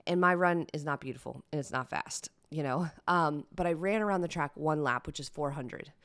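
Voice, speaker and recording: A woman hosts her own personal solo podcast, speaking candidly and chattily with fillers and getting teary-eyed at times. Her voice is low-pitched and a bit bright at a normal pace, and the recording is dry.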